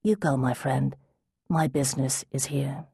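A woman narrator plays a calm young male hero in an audiobook. He proclaims in a raised, slow, measured voice. The tone is husky and close, with no room sound. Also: low voice, no room sound. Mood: quiet.

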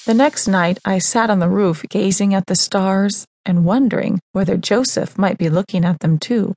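A woman's voice: medium pitch, moderate pace, a little mellow, dry recording. A woman reading a first-person novel aloud as an audiobook narrator, in an earnest, emotive storytelling voice.

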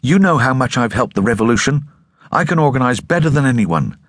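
A man's voice: mid-range voice, expressive, fairly quick, a bit bright, no room sound, clean studio sound, pitched above the performer's own voice. A man voicing a stubborn, proud young woman who talks in an insistent, self-assured way.

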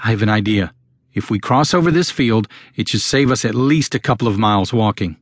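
A man's voice: lowish voice, a little fast, no room sound, clean studio sound, close to an everyday voice. A male narrator voicing a young wife and mother who knows the back roads well, speaking in a raised, urgent way. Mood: confident. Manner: panicked at first, then firm and sure.

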